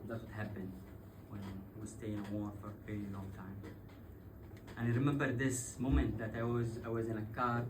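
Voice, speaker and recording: Fairly quick and lowish in voice, a Yemeni man animatedly retells a personal story on stage, laughing and cursing along the way. The recording is distant, with clear noise behind him.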